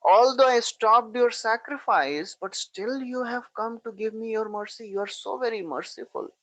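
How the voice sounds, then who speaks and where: A man's voice: sits high, moderate pace, pitched above the performer's own voice, poor audio. A man voicing a divine young cowherd god who mockingly praises a humbled king, in a sarcastic tone. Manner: sarcastic, mock-flattering.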